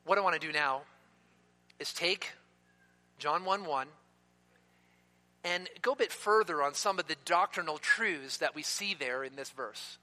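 A man preaching a sermon in an emphatic way, slowing down to stress key words. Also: a little high, pushed and bright. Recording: long reverb of a hall.

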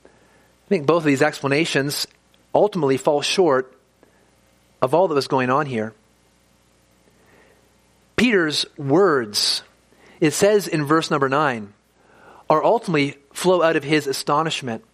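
High-voiced man preaching conversationally. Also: measured pace, long pauses, a bit bright. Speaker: pastor. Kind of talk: sermon.

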